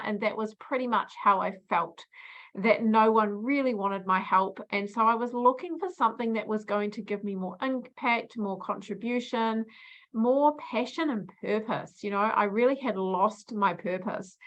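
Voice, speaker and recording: An older woman welcomes everyone to a business launch and talks through her own story with warm, upbeat enthusiasm. Her voice sits at a middling pitch. The recording is a little dull and lo-fi. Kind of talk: welcoming presentation speech. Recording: slightly dull, lo-fi sound.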